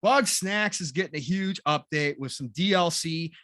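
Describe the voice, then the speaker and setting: A man's voice: on the high side, moderate pace, fairly bright tone, dry recording, clean studio sound. A man in his forties co-hosting a gaming podcast, rambling and sarcastic with a self-deprecating streak. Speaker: podcast co-host. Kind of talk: casual gaming news chat.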